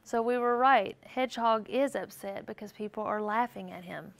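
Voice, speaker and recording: A woman's voice: mid-range voice, moderate pace, creaky, noisy background. A woman teaching young children, reading a picture book aloud and asking them questions as she goes. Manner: animated, asks questions and answers for listeners. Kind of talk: storybook read-aloud lesson with questions to children.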